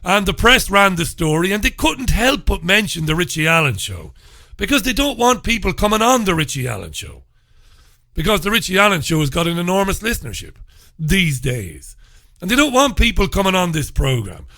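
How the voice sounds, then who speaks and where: A man's voice: high-pitched, sing-song, fairly quick, bright, forceful tone, dry recording. A middle-aged Irish man hosting his own radio show, delivering sarcastic, ranting commentary full of mock questions into a studio mic. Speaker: radio host. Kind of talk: solo talk radio commentary.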